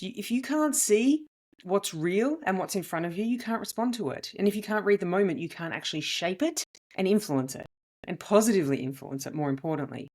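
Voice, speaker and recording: A woman with a slightly low voice tells a story as a podcast host. Her delivery is animated and emphatic, with sudden leaps up in pitch on the words she wants to land. She speaks as a comedian recounting her own experience. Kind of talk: storytelling monologue.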